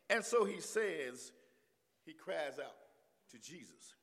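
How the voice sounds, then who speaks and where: High, lively preacher in a reverberant hall. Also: male voice, slow pace, long pauses. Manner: dramatic swings from hushed to shouting, repeated refrains. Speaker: pastor. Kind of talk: sermon.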